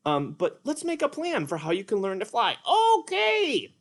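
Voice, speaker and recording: A man running a puppet lesson for kids, speaking in a gentle, patient and encouraging way. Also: high voice, very animated, fairly quick. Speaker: puppeteer and teacher.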